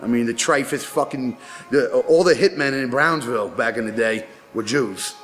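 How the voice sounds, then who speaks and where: A man's voice: mid-range voice, normal speed, a bit bright, soft background music. A man, a rapper, talking casually in an interview and telling boastful, profane stories.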